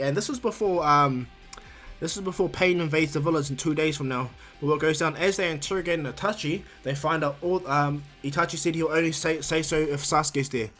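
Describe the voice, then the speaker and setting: Guy rambling thru a fan story, lots of ums, kinda high voice, faint music behind. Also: bright, forceful tone. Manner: rambling, many fillers and restarts. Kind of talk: casual story retelling.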